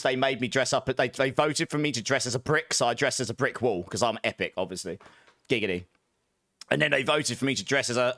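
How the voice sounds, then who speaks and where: A man's voice: medium pitch, a bit bright, no room sound. Upbeat male streamer, dry close sound. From Britain. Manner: upbeat, jokey, laughs often, thanks viewers by name. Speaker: live streamer. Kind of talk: casual live-stream chat with viewers.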